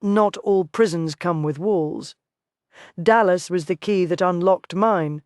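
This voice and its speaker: A narrator voicing a gentle frontier woman who speaks quietly and soothingly, in an audiobook. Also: medium pitch, slow, dry recording, studio quality, close to an everyday voice.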